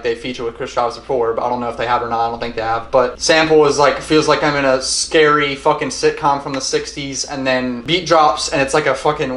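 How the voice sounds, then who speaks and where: A young man talks through an album track by track, rambling and repeating himself. He swears constantly in a casual, unscripted way. His voice sits at an ordinary pitch and carries a noticeable room echo. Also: a bit bright. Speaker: album reviewer. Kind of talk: casual music review monologue. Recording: roomy echo.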